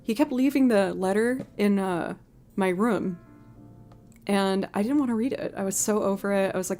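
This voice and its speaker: A woman streamer telling a personal story in casual chat, acting out the people she quotes with sudden jumps in pitch. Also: normal speed, soft background music. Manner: animated storyteller who acts out quotes with big pitch jumps. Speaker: streaming musician.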